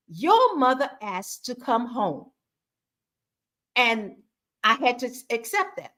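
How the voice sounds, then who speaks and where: A woman in her sixties speaks with a bright, somewhat high voice and an animated storyteller's delivery. She tells her story conversationally and slips into the voices of the people she quotes. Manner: animated, acts out quoted dialogue with her own voice. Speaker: guest speaker on faith and mother-daughter bonding.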